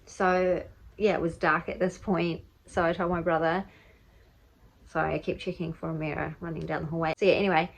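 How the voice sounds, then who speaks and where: A woman's voice: low voice, little pitch movement, a little fast, creaky, poor audio. A woman with a New Zealand accent, a mother telling a casual, rambling story for her vlog at home. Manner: chatty, rambling, many fillers like "like" and "um". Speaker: vlogger and mother. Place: home, indoors.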